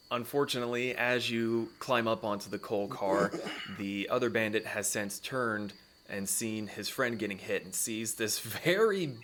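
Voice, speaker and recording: A man running a tabletop fantasy game, describing the scene in measured narration with small fillers. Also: mid-range voice, bright, forceful tone. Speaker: dungeon master.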